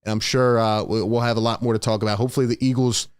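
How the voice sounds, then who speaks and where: A man hosts a live halftime reaction stream with emphatic, frustrated energy, often saying his points twice. His voice sits at an ordinary pitch. The sound is dry and close, with no room echo. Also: little pitch movement, fast, clean tone. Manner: frustrated, emphatic, repeats himself. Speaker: sports show host.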